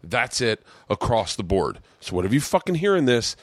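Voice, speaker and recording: A podcast host tells a long story in a loose, rambling, profane way, a casual storytelling chat. His voice is medium-pitched and very animated, his pace brisk, and the recording has no echo.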